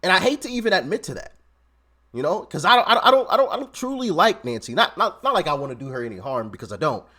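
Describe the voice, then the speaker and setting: A man giving casual, animated commentary on video clips, often repeating himself and laughing. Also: high voice, fast talker.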